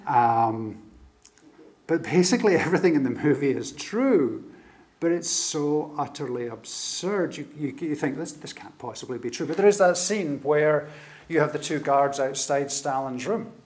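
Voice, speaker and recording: A man's voice: a little high, lively intonation, normal speed, darkish tone. A middle-aged man giving a public lecture and taking questions, telling stories animatedly with frequent stammered restarts. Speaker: guest lecturer.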